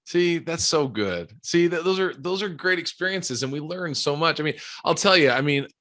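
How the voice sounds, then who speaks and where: A man's voice: a little high, expressive, normal speed, a bit bright. A man speaking as a podcast guest, earnest and encouraging in casual conversation.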